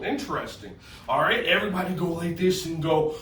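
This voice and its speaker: A man leading children through a yoga stretch in a goofy, teasing, high-energy way. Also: animated, a little fast, fairly bright tone. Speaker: kids' yoga instructor. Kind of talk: playful movement lesson for children. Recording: roomy sound from a distance with faint ambience.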